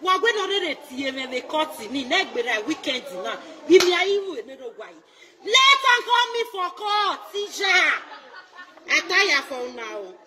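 A Nigerian woman in a loud, taunting social media rant, mocking and laughing between her jabs. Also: sits high, lively intonation, moderate pace, a loud crowd, heavy background noise.

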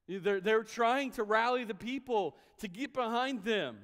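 A man's voice: high-pitched, expressive, measured pace, hardly any pauses, a bit bright. A man preaching a sermon as a pastor, in a conversational style, acting out the voices of the people he quotes. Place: church sanctuary. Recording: long hall reverb.

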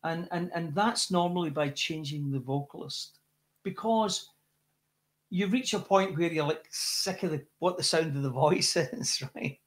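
A man with a Scottish accent, a rock singer chatting as a guest, telling lively stories with many restarts and repeated words. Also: on the high side, a little slow. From Scotland. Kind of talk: casual interview chat.

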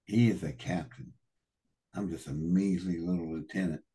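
A man's voice: low-pitched, normal speed, dark tone, slightly rough. A man as an interview guest telling a colorful, profane story, acting out the other people's voices.

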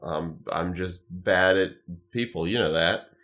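A man's voice: sits low, a little slow, highs cut off. A man co-hosting a podcast, chatting casually and rambling through jokey recaps. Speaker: podcast co-host. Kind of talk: casual comedic chat.

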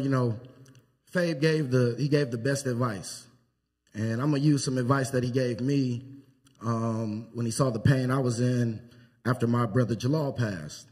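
A man giving a funeral eulogy in a church, telling anecdotes with pauses. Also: medium pitch, a little mellow, husky. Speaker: eulogy speaker. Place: church sanctuary.

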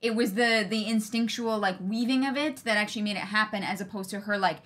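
A woman's voice: mid-range voice, a little fast, a bit bright. A woman co-hosting a casual livestream book chat, chatty and full of "like". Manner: chatty, heavy use of "like". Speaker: podcast co-host.

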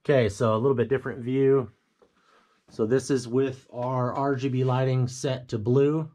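A man's voice: medium pitch, flat delivery, moderate pace, warm tone. A man giving a casual walkthrough of a home theater build, explaining things plainly with fillers and self-corrections. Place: home theater room, indoors.

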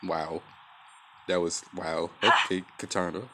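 A man giving profane, trash-talking commentary over his own gameplay, reacting loudly to each fight. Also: deep voice, flat delivery, slow. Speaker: gaming channel host. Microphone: off-camera voice-only mic.

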